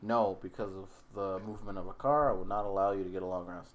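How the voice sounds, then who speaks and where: A man's voice: low-pitched, fairly even intonation, fast talker, highs cut off. A man narrating as game master in a casual tabletop session, talking loosely with filler words.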